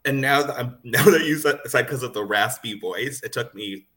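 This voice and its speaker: A man's voice: medium pitch, moderate pace, fairly bright tone. A young man co-hosting a podcast, fighting a cold with a cough, upbeat and playful. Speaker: podcast co-host. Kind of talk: casual podcast chat.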